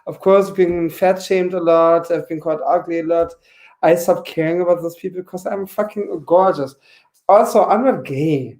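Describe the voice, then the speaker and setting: A man's voice: sits high, darkish tone. Campy man in his forties doing stand-up. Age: 40s. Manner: campy, chatty, lots of filler "you know". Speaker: stand-up comedian. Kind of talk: online stand-up set. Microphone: home webcam mic.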